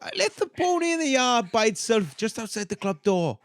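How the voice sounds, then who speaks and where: A man's voice: very high voice, big pitch swings, a little fast, pitched above the performer's own voice, exaggerated voice. A man reading out an old account in a put-on Welsh accent, voicing a Victorian male steward who describes finding a body. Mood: mock-dramatic. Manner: mock-earnest reading-aloud voice.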